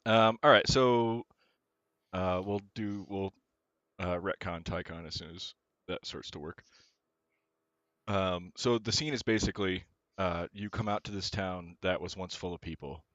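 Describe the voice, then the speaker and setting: A man's voice: low-pitched, measured pace, fairly bright tone, no echo. A man narrating as game master over voice chat, hesitant, with many fillers and restarts. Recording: dull, slightly lo-fi voice chat audio.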